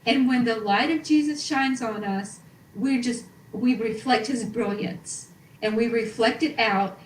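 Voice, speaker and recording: A woman's voice: on the high side, a little slow. A woman guest on a Christian podcast, speaking earnestly and reflectively about faith. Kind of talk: faith testimony chat. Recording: echoey room from far off, faint noise.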